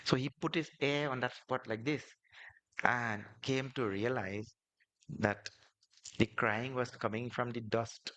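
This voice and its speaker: A swami, a man, telling devotional stories in a sermon, animated and repetitive, building emphasis as he goes. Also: mid-range voice, measured pace. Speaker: swami, spiritual teacher.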